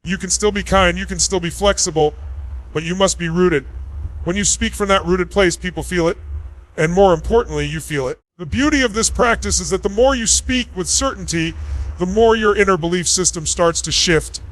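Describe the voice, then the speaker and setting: A man with a notably high voice gives a motivational speech. He speaks in punchy, emphatic bursts and stresses single words. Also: normal speed, a bit bright, poor audio. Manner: emphatic, punchy short phrases.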